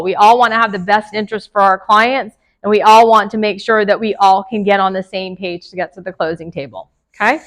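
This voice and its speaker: A woman's voice: a little high, a bit bright, low-quality recording. A woman, a real estate broker giving a casual classroom lecture to agents, chatty, laughing often and asking the room questions.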